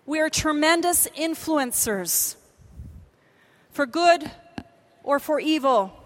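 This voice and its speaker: Canadian woman preaching in a high voice. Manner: dramatic pauses, drops to a hush on key words. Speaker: conference speaker. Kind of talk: sermon.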